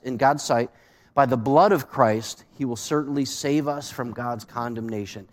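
A man preaching a sermon as pastor, asking the congregation rhetorical questions with shifting emphasis. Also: medium pitch. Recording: long hall reverb.

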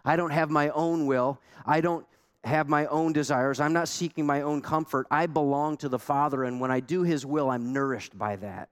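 A man's voice: on the high side, moderate pace, smooth. A man preaching a sermon as pastor, emphatic and conversational, with many rhetorical questions to the congregation.

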